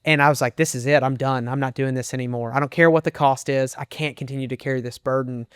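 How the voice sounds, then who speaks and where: A man's voice: medium pitch, steady tone, fairly bright tone, clear, resonant tone, no echo, studio quality. A middle-aged man, an associate pastor, earnestly telling a candid personal testimony in an interview. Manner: earnest, candid storytelling with emotional pauses. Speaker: associate pastor and men's minister.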